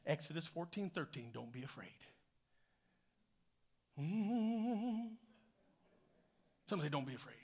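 A man preaching with a high, bright, ringing voice. He works the congregation in call-and-response, dropping to near whispers and then building up to full shouts. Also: creaky, breathy edge. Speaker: pastor. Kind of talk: sermon.

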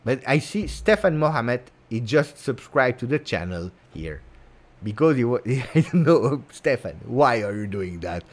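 A man's voice: medium pitch, very animated, unhurried. Playful man hosting a livestream. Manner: playful, teasing, repeats words for effect. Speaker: host of a football fan channel. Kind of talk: casual livestream chat.

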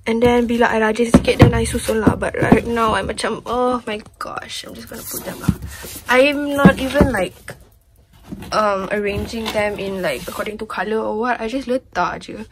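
A woman's voice: fairly high pitch, fairly even intonation, moderate pace, very noisy. Breathless chatty Malaysian woman vlogging. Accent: Malaysian English. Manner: chatty, bubbly, mixes in Malay words. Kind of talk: casual vlog monologue. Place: at home.

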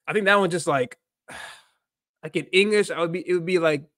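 Male livestream host, chatty and rambling, slips into spanish now and then, bit high voice, dry sound. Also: normal speed, fairly bright tone, dry recording. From United States. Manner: rambling, repeats himself, mixes in Spanish phrases. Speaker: livestream host, language learner. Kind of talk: casual livestream chat.

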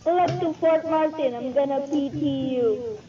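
A woman's voice: high voice, normal speed, warm tone, muffled recording. A woman in casual game voice chat, barking mock orders as a colonel over a headset. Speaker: online game player acting as colonel.

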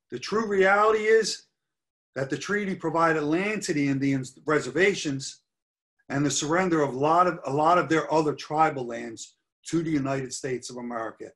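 Middle-aged male lecturer, slightly high voice, earnest history talk over slides. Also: fairly bright tone. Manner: earnest, stresses key points with repetition. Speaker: history presenter.

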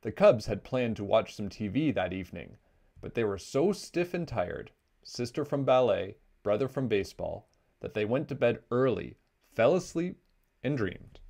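A man reading a children's picture book aloud in an expressive storytelling manner. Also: medium pitch, normal speed, creaky.

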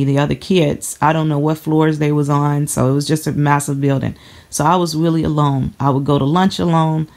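A woman from the Chicago area speaks to the camera in a personal testimony, earnest and halting, repeating herself often as she fights back emotion. Her voice is low and a little mellow.

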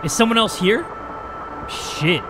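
A man giving loud, jumpy commentary on a horror game, swearing and joking through his fear. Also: high voice, animated, takes it slowly, background noise. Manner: jumpy, swears a lot, yells at monsters then jokes. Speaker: gaming YouTuber.

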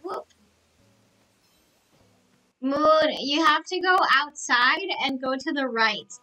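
Woman, game streamer, high voice, unhurried pace, gushing and exclamatory. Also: distant mic, poor audio. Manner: excitable, gushing, full of gasps and exclamations. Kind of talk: live game-stream chat.

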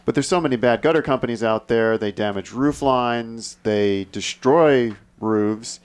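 A man's voice: medium pitch, unhurried, clean tone. Matter-of-fact male home inspector. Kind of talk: casual radio talk.

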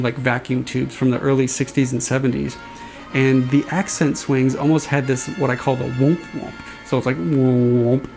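Guy with a gravelly voice chatting loosely about building sounds, faint music behind. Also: medium pitch. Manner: relaxed, rambling, imitates swing sounds with his voice. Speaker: saber sound font designer. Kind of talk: casual explanatory demo talk.

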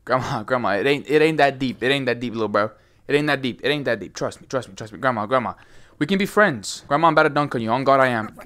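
A man's voice: medium pitch, fairly quick. Young-sounding guy doing chill slangy game commentary, voice bounces all over when he gets hyped. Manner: slangy, excitable, yells and squeals when surprised. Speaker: gaming YouTuber. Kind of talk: casual gameplay commentary.

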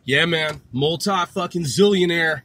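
Brash high-voiced swearing man. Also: a little slow, pushed and bright. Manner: brash, trash-talking, swears constantly, drawls "man". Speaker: vlogger. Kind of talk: profane boastful rant to camera.

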